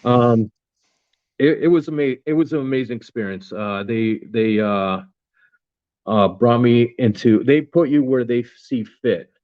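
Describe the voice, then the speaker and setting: Speaking unhurriedly in a mid-range voice, a veteran in his fifties tells his story as a podcast guest in a casual interview. He's blunt and profane, with plenty of fillers. The recording sounds muffled and has no echo.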